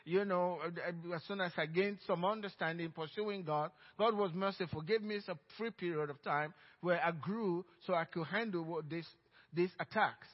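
Middle-aged Nigerian man preaching, husky, in a muffled, echoing church recording. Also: high voice, moderate pace. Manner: emphatic storytelling, swinging between loud and hushed. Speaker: pastor. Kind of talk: sermon. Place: church sanctuary. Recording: dull reverberant church recording.

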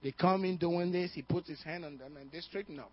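A man with a slightly high, husky voice preaches a storytelling sermon, dropping to near-hushed lines and then swelling louder. He peppers his talk with "uh" and asks the congregation "Amen?". The recording sounds dull and muffled. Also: a little fast. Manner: storytelling preacher, rising and falling loudness, frequent "uh" and "Amen?". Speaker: pastor.

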